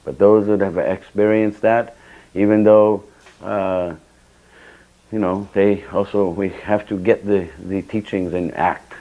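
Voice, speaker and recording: A man's voice: fairly low pitch, little pitch movement, slow, mellow, low-quality recording. An older man giving a temple scripture class, telling personal stories and acting out the dialogue with sudden bursts of emphasis. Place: temple hall.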